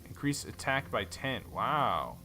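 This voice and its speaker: Bright-voiced easygoing let's play man. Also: medium pitch, big pitch swings, slow, soft background music, poor audio. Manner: easygoing, musing, with many fillers. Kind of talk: casual gameplay commentary and reading.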